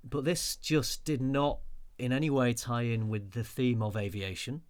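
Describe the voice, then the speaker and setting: Man, mid-pitched voice, dry close sound, casual podcast co-host. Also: fairly even intonation, normal speed, no room sound. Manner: bantering, teasing. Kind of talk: casual chat.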